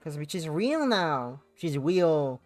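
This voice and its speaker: A woman's voice: low voice, very animated, slow, no echo, soft background music. A young adult woman live streaming a visual novel, reading it aloud and chatting in a playful, rambling way that repeats itself and slips into sing-song bits. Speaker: game streamer.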